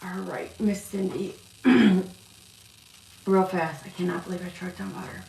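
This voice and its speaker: A woman reading cards on a live stream, chatting warmly with viewers and calling them love. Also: on the low side, flat delivery, fairly quick, vocal fry, distant mic. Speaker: card reader. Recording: echoey room, off-mic, noisy.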